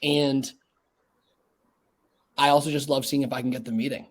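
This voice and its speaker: A man's voice: medium pitch, little pitch movement, normal speed. A man, a salesman who talks in an upbeat, plain-spoken way and often laughs, over a video call. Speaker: sales rep. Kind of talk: casual sales chat.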